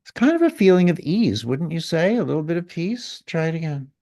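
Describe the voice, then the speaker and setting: A man guiding someone through a feeling exercise in a calm, gently directive coaching way. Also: fairly high pitch, fairly quick. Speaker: guest healer leading an exercise. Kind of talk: guided exercise in conversation.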